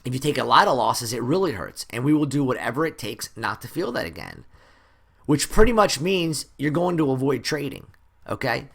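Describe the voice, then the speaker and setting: A man's voice: medium pitch, very animated, moderate pace, vocal fry, a bit bright, breathy edge. A man teaching a trading course, talking bluntly and casually with some swearing, acting out little dialogues. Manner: acts out dialogue in raised voices. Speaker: trading coach. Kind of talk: course lecture.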